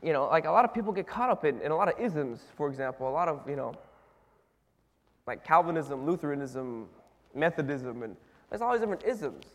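Very animated and fairly quick, a male preacher with a slightly high, fairly bright voice talks to his congregation in a relaxed sermon full of back-to-back questions. He keeps restarting sentences and uses plenty of fillers, and his words echo in a hall with long reverb.

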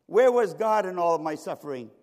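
A man's voice: high voice, expressive, a little fast, a little mellow, voice pushed up. A man voicing a grieving husband who lost his family in war, speaking in a pleading, despairing way. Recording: reverberant hall.

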